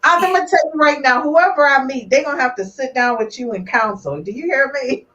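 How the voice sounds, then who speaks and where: A woman's voice: high voice, brisk, sharp tone. A woman hosting a live relationship podcast, talking in an emphatic, preachy way. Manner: emphatic, preachy, repeats "do you hear me" and "I'm gonna tell you right now". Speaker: podcast host. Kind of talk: casual live podcast chat. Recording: distant, slightly muffled sound.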